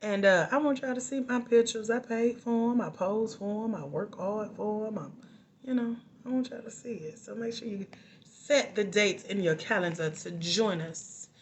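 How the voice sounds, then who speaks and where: A woman life coach trainer, talking casually and sassily at home to viewers, with lively preachy asides. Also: medium pitch, normal speed, a little hiss or hum. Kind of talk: casual livestream talk.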